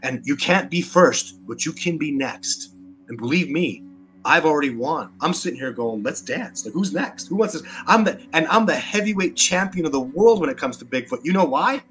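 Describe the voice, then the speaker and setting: As an interview guest, this Canadian Sasquatch researcher gets worked up, pushing his points combatively and emphatically and repeating words. His voice is fairly high and expressive, a bit bright, delivered at normal speed.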